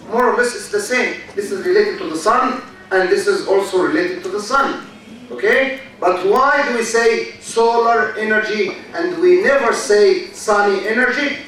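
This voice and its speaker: A man lectures a class in a high, unhurried voice, repeating key words and asking "okay?" again and again. He sits far from the mic, and the big hall booms with echo around him. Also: fairly bright tone. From Egypt. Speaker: university lecturer.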